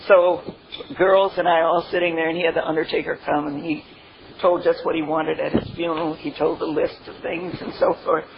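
Gravelly-voiced older woman telling stories. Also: deep voice, level tone, fairly quick. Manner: heartfelt, laughs through stories, frequent "you know". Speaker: speaker sharing a recovery testimony. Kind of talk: personal storytelling testimony. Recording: dull lo-fi recording with faint noise.

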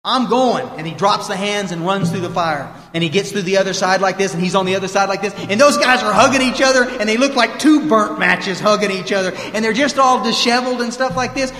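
A man's voice: high-pitched, quick pace, few pauses, sharp tone. A man giving a heartfelt talk as guest speaker at a recovery meeting, earnest and repeating phrases for emphasis. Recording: echoey hall, roomy long reverb.

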